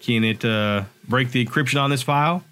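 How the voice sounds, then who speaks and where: A man voicing a gruff, cynical male private investigator in an audiobook, sardonic and grumbling. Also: mid-range voice, brisk, bright, forceful tone, close to an everyday voice. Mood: wry.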